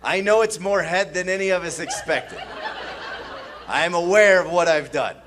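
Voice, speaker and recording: On a comedy club stage, a high-pitched man from the American Midwest delivers stand-up at a moderate pace, with slight background noise. Animated, he slips into mumbling voices to play the drunk strangers in his tales as the crowd laughs.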